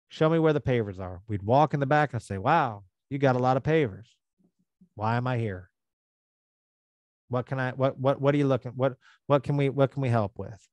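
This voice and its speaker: A man's voice: medium pitch, a little mellow, dry recording. A man giving a live training talk to contractors, speaking conversationally and acting out quotes from customers.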